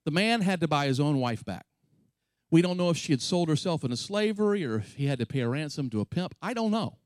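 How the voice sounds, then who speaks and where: A man's voice: lively intonation, fast talker, a little mellow, no room sound. A man preaching a sermon, passionate and emphatic, with chatty asides to his congregation. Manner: impassioned, rising to high emphatic peaks when quoting scripture. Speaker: pastor.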